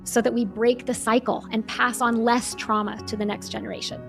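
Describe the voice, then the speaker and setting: A woman speaking in a calm, measured and earnest way, reading a prepared monologue as a podcast host. Her voice sits a little high, and faint music plays softly beneath her. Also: gravelly. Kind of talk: scripted monologue.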